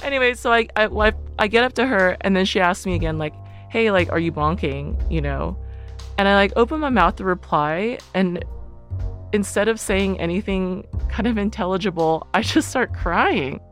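A woman's voice: medium pitch, animated, moderate pace, soft background music. Chatty woman telling a story. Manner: chatty, many "like" fillers, laughs often. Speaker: guest, writer and athlete. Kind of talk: casual storytelling.

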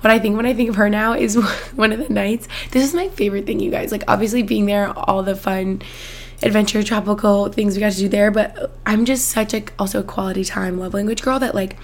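A woman's voice: mid-range voice, fairly even intonation, brisk. Bubbly gushing woman podcast host. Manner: bubbly, gushing, heavy use of "like". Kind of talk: casual chat.

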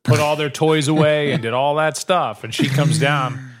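A man's voice: on the high side, normal speed. A male podcast co-host chatting casually, his stories rambling along with false starts. He slips into voices to act out what others said. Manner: rambling storyteller, acts out quotes. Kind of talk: casual chat.

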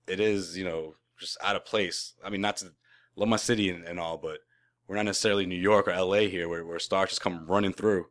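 A man's voice: deep voice, steady tone, fairly quick, a bit bright. A male podcast co-host in casual sports chat, teasing his partner and laughing often.

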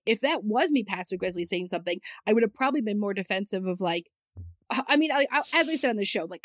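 A woman's voice: mid-range voice, expressive, quick pace, a bit bright, no echo, clean studio sound. A woman co-hosting a podcast in casual chat, chatty and laughing often, with lots of "like" fillers. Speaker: podcast co-host.

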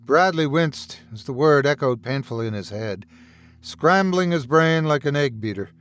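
Male storyteller, scripted horror narration, lively intonation, slightly high voice. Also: moderate pace, clean tone. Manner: dramatic, expressive reading. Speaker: storyteller and podcast host.

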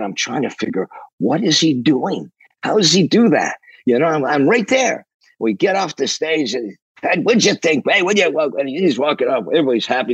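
Husky older man telling rowdy stories. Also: mid-range voice, no room sound, lo-fi sound. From Canada. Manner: rambling, animated, profane, restarts sentences. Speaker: guest, rock drummer. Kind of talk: storytelling interview.

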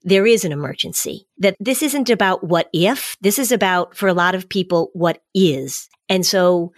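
Appearing as an expert guest on a podcast, a woman with a fairly low voice offers measured advice, repeating key phrases as she explains them. The sound is dry and clean, like a studio.

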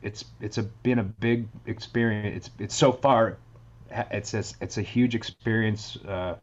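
Earnest, low-voiced male guest. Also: steady tone, lo-fi sound. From Massachusetts. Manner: earnest, halting, lots of restarts. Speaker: interview guest. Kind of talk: casual interview.

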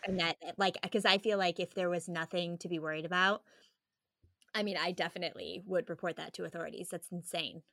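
A woman's voice: fairly low pitch, steady tone, brisk, fairly bright tone, dry recording. Young woman co-hosting, casual reactions. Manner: reacting with disgust, lots of "like". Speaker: podcast co-host. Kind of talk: casual chat.

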